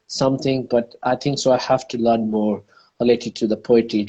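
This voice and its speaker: A man's voice: medium pitch, husky, low-quality recording. A man from Pakistan with a Pakistani English accent, hosting a casual conversation over a video call, chatty and often searching for words. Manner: warm, chatty, searching for words, many fillers. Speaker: host.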